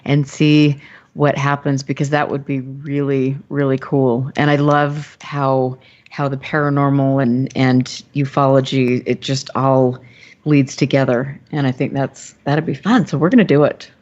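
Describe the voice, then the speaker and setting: A woman's voice: extremely low pitch, level tone, a little slow, darkish tone, lo-fi sound. A woman hosting a radio interview, chatting with an enthusiastic manner. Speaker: radio show host. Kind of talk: casual interview chat.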